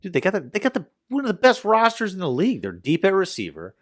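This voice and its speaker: A man co-hosting a sports podcast in casual, profane chat, excitable and quick to shout. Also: sits high. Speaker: podcast co-host.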